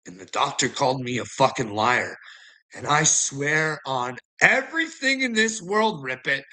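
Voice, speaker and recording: Agitated, profane man with a bright voice. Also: mid-range voice, big pitch swings, measured pace, poor audio. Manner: profane and agitated, laughing often between lines. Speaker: person telling his story. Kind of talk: casual rant to a friend.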